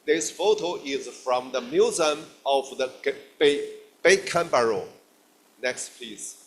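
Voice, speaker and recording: A middle-aged man from China with a Chinese accent, giving a guest lecture in halting English full of fillers and restarts. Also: medium pitch, lively intonation.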